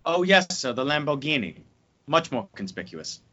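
A man doing a slow, clipped impression of a dry, formal elderly English butler, his voice dropped deep on a lo-fi mic. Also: very animated, a bit bright.

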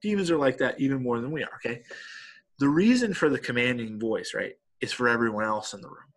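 A man's voice: medium pitch, quick pace. A middle-aged man in a casual conversation, telling stories animatedly and tagging his points with "right?". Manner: animated storyteller with many "right?" tags.

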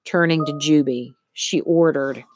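A woman reading a children's novel aloud as audiobook narrator, in a steady storytelling manner. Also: low voice, unhurried, slight background noise. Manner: steady storytelling, occasional slips. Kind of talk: scripted narration.

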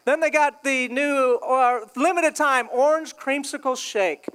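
A man's voice: very high-pitched, measured pace, a bit bright. A male pastor preaching a sermon in a casual, joking way, acting out quoted voices. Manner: jokey, conversational, acts out quoted voices. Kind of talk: humorous sermon.

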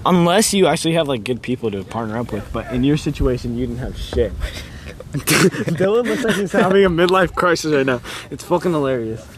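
A man's voice: fairly high pitch, expressive, fairly quick, crowd noise. A teenage boy chatting playfully on a casual podcast, teasing and laughing often. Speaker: podcast co-host. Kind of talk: casual chat.

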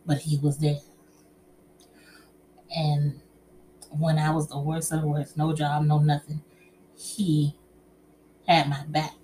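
A middle-aged woman telling personal stories and giving relationship advice to an audience, in a chatty, expressive way, calling listeners honey and child. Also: low-pitched, slow, long pauses, slight background noise.

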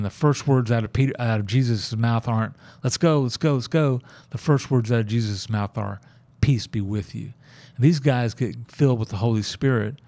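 A man's voice: medium pitch, dark tone. A man telling a Bible story and his own faith story in a casual, folksy way, acting out the lines he quotes. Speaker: church member sharing his faith story.

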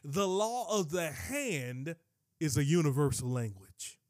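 A man preaching a sermon, emphatic and animated, with frequent asides to the listeners and bursts up to shouting. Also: on the high side, slow pace, no echo, clean studio sound. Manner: frequent asides to the congregation like "watch this".

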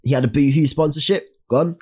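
A man's voice: a little high, a little fast, slightly rough. Young man telling a story. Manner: animated storytelling with slang and restarts. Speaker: podcast co-host. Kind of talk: casual chat.

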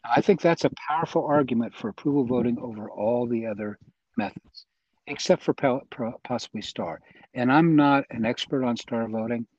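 Here a voting reform advocate, a man appearing as an interview guest, explains his position in an earnest, persuasive, chatty way. His mid-range voice has a darkish tone and a moderate pace. The dry recording has its highs cut off.

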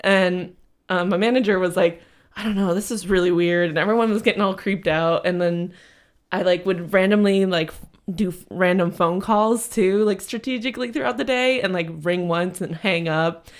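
A woman's voice: fairly low pitch, normal speed. A young adult woman co-hosting a casual podcast, telling a rambling story and laughing often. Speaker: podcast co-host. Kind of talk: casual chat.

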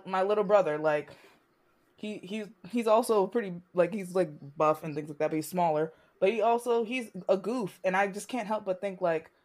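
A young woman, a student, speaking candidly in conversation, impassioned and halting, with frequent restarts. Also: fairly low pitch, darkish tone. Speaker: student sharing experience.

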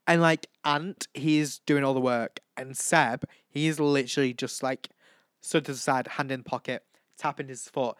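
A teenage man chats away in a casual, gushing, camp manner. His voice is smooth and clean at a middling pitch. The sound is dry and close. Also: fairly even intonation, a little slow, no echo. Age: teens. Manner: chatty, gushing, camp, breaks into impressions and sung snippets. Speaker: vlog host. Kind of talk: casual chat.

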